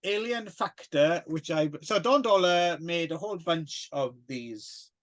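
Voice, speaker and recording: A man co-hosting a casual film podcast, rambling and hesitant with plenty of fillers and self-deprecating asides. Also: medium pitch. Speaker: podcast co-host.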